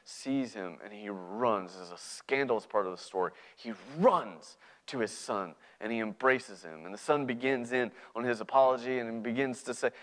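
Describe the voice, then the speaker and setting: A man's voice: medium pitch, normal speed, a bit bright. A man preaching a sermon in a conversational way, often checking in with his listeners. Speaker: pastor.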